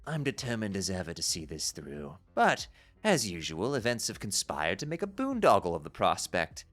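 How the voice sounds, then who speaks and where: A man's voice: low-pitched, wildly swooping pitch, normal speed, a bit bright, soft background music, pitched below the performer's own voice, exaggerated voice. A man reading aloud as a grumbling, determined young adventurer in a put-on British accent.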